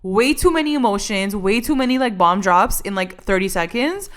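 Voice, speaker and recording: A woman's voice: mid-range voice, normal speed. A woman co-hosting a TV recap podcast, chatting casually and acting out scenes with lots of "like". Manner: animated, acts out scenes, lots of "like". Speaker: podcast co-host.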